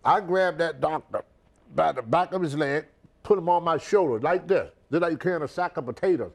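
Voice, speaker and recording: An older man, a retired pro wrestler, telling an animated story in an interview and acting out the voices of the people in it. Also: on the high side, a little fast, creaky. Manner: animated, acts out everyone's voices.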